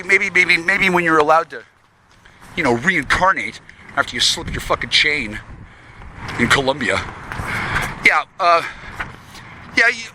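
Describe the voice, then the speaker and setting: A man rambling and swearing constantly while walking along a town street, talking to an unseen listener he calls sweetie. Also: a little high. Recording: loud street and traffic noise.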